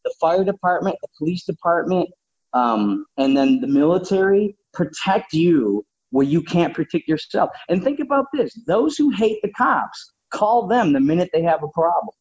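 A man's voice: fairly high pitch, big pitch swings, moderate pace, darkish tone, husky. A man talking bluntly and combatively, swearing freely in casual opinionated talk. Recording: dull lo-fi sound.

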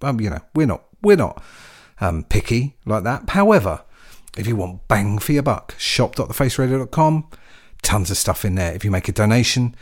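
English male radio DJ, casual and rambling, lower register, very lively delivery. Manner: chatty, jokey, rambling with fillers. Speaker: radio DJ host.

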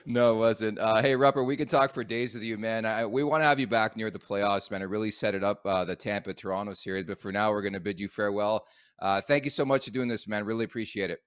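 A man with a fairly low voice hosts a casual podcast. He sounds dry and close to the mic and keeps the talk upbeat and friendly. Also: quick pace, a bit bright, smooth, no room sound. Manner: upbeat, friendly wrap-ups. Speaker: podcast host.

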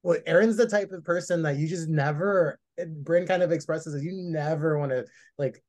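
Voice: mid-range voice, normal speed, darkish tone. A podcast guest in casual chat, blunt and exasperated, laughing often.

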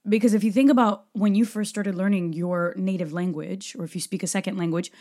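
A woman's voice: medium pitch, fairly even intonation, a little fast, darkish tone. A woman from Brazil hosting a solo Q&A podcast, talking passionately and emphatically. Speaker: podcast host.

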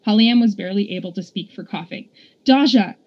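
A woman podcast host reading a storybook aloud with steady, measured narration. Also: medium pitch, highs cut off.

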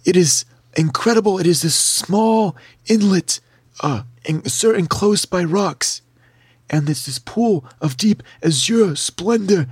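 A man's voice: high voice, expressive, slow, slightly rough, dry recording, studio quality. A man narrating a tabletop fantasy game as game master, with theatrical, vivid descriptions and playful asides.

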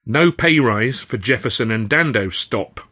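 A man's voice: mid-range voice, expressive, moderate pace, sharp tone, breathy edge. A man voicing a stern, formal older male theatre manager, speaking seriously and precisely.

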